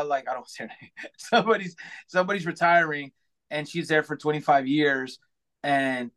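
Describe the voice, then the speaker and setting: A man's voice: mid-range voice, moderate pace, a bit bright. A man chatting casually as a podcast guest, upbeat and rambling, full of "like" fillers. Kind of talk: casual chat.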